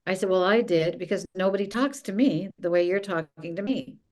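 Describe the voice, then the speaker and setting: Animated woman telling a story. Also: on the low side, fairly quick. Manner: lively, acts out quoted dialogue. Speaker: podcast guest, former film executive. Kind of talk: casual storytelling interview.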